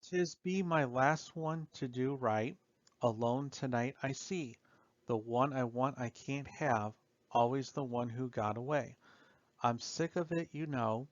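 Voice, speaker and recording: Somber male poetry narrator, unhurried delivery, dull and dry lo-fi sound. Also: mid-range voice, dry recording. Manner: slow, somber and measured, trailing off softly at line ends. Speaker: audiobook narrator. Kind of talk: slow reading of dark poetry.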